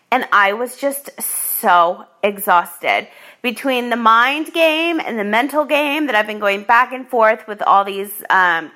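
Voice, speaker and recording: A woman's voice: mid-range voice, bright, forceful tone. A woman hosting her own show, telling a personal story in a chatty, laughing way, full of fillers. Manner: chatty, filler-heavy, laughing as she tells it. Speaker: podcast host. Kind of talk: casual storytelling monologue.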